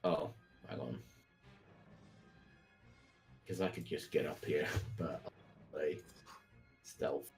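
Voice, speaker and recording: A man playing a tabletop game, laid-back and planning moves out loud. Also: very deep voice, steady tone, slow, creaky, pauses often, soft background music, rough recording. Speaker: player.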